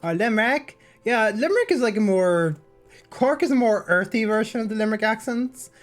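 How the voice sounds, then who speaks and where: A woman chats on her stream in a slightly nasal voice, roughened a little by a sore throat. She rambles and restarts, moving between small talk and reading aloud. Faint music plays under her basic mic. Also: a little high, animated, brisk. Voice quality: somewhat nasal. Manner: chatty and rambling, with lots of fillers and restarts. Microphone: basic mic, no headset.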